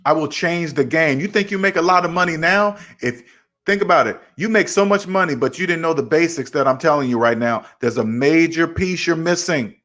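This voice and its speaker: Animated man acting out both sides of a chat. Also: fairly high pitch, brisk. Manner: animated, acts out both sides of imagined conversations. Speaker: finance channel host. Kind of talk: casual livestream talk answering chat.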